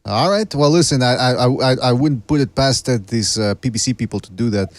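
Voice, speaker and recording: A man hosts a call-in show in easy, casual banter, laughing often and tripping over repeated words. His medium-pitched voice sits close to the mic in a dry, dead room. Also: a little fast, no room sound. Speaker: podcast host taking calls.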